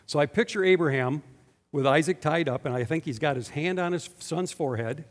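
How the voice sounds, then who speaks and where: This male pastor's voice sits on the high side, and he talks a little fast. Preaching with emphasis, he fires rhetorical question after rhetorical question at his congregation while a long hall reverb fills the recording.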